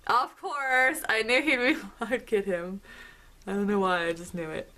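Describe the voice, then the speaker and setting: A woman vlogger talking through an album unboxing, gushing and excitable as she speaks to the camera. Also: medium pitch, a little slow. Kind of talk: casual unboxing commentary.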